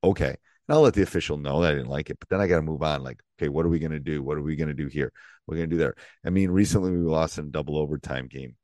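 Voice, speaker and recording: A man's voice: extremely low pitch, racing, darkish tone, no echo. A middle-aged man, a basketball coach, hosting his podcast in a casual, rambling way with many restarts. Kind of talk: casual solo podcast talk.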